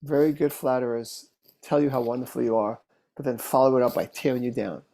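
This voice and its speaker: A man working as a therapist, telling case stories in a relaxed, conversational way, with fillers and restarts. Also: medium pitch, a little fast. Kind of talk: casual teaching talk with case stories.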